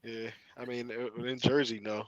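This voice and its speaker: A man's voice: medium pitch, level tone, moderate pace, no echo, lo-fi sound. A man co-hosting a podcast, talking bluntly in profane slang. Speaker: podcast co-host. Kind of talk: casual chat.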